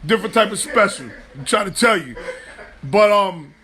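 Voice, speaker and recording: A man hosting a live sports talk show, animated, joking loosely and swearing freely. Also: high voice, normal speed, slight background noise. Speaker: host.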